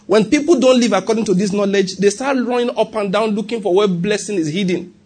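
Nigerian pastor preaching, kinda husky, highish voice, jokey and lively, keeps asking the crowd questions. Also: male voice, brisk. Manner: animated preaching with humor and rhetorical questions. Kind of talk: sermon.

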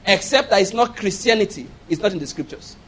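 A man with a notably high voice delivers a sermon. He drives his points home with repeated phrases and call-and-response questions like "It is by what?", pressing the listeners hard. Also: animated, brisk, fairly bright tone, a little hiss or hum. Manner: repeats key phrases for emphasis. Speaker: preacher.

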